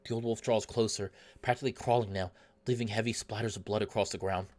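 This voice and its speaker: A man reading a visual novel aloud in steady first-person narration. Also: on the low side, quick pace. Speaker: let's play narrator.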